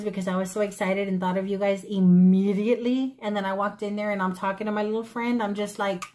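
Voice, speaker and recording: A woman talking casually into a camera mic at her table. She rambles through a thrift-store story with tangents and gushes warmly to her viewers, her voice sitting in a middle register for a woman. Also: medium pitch. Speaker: thrift haul vlogger. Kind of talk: casual chatty haul vlog.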